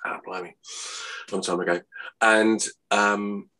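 A man, rambling and laughing as he chats in an interview, his voice not yet warmed up. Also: lowish voice, steady tone, takes it slowly. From Hertfordshire, England. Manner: rambling, chatty, laughs often, says mate. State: voice not warmed up, early morning. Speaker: impressionist guest. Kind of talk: casual interview chat.

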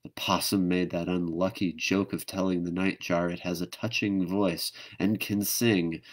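A man doing a gentle, weary mother kangaroo. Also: deep voice, flat delivery, a little slow. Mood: drowsy. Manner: fussy, sighing complaints.

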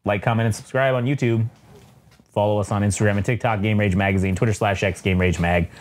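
A man's voice: fairly low pitch, fairly even intonation, quick pace. A man hosting a casual comic book review podcast, swearing freely as he talks. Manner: profane, swears constantly. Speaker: podcast host.

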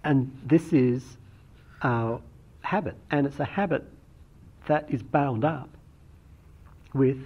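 A middle-aged man giving a reflective, unhurried dharma talk as a meditation teacher, often restarting his phrases. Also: medium pitch, slightly rough. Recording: dull lo-fi recording.

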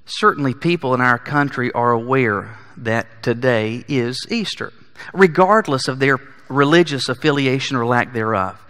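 A man preaching a sermon, emphatic and building to forceful peaks. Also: on the high side. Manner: emphatic, rising to forceful peaks on key lines. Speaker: pastor. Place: church sanctuary. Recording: long church hall reverb.

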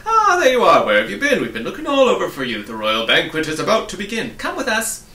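Fussy, pompous royal advisors, as a man plays them, loud and clipped, with pitch leaping all over. The voice is bright and forceful. The sound is roomy and a little far from the mic. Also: huge pitch swings, moderate pace, creaky, full character voice. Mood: agitated. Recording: roomy, distant mic, faint hiss.

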